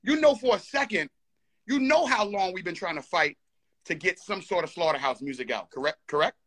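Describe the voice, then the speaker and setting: A man's voice: sits high, animated, brisk, fairly bright tone. A man arguing heatedly on a live call, insistent and repeating himself as he talks over the others. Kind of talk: heated argument.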